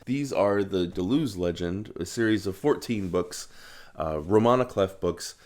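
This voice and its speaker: A man talking about books on his video channel in a reflective, earnest way, pausing often with ums. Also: deep voice, darkish tone. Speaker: book vlogger. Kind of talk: casual book review monologue.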